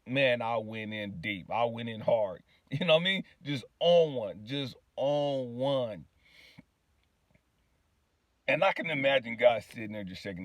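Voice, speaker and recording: A man speaks in a relaxed, confiding way as he tells a personal story, with a steady mid-range voice. He keeps checking in with the listener and laughs easily. The sound is dry and close, with no room echo. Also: mid-range voice, measured pace. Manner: casual, often asks "you know what I mean", laughs easily. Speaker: spiritual healing vlogger.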